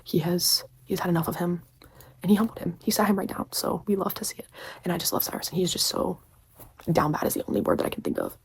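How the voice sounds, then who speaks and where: Gushing fast-talking young woman. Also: fairly low pitch, very animated, slight background noise. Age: young adult. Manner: gushing, filler-heavy, often drops to a whisper. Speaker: book reviewer. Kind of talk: casual book review vlog.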